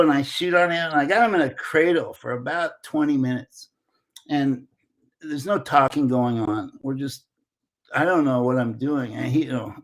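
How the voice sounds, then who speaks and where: A man in his sixties, an interview guest telling a lively anecdote and acting out the dialogue. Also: medium pitch. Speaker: interview guest, former Olympic wrestler. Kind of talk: casual storytelling.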